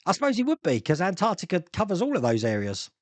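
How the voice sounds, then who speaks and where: A man's voice: high-pitched, huge pitch swings, quick pace, dry recording. A man from Australia hosting a live stream, chatting casually and rambling through viewer comments with restarts and frequent chuckles.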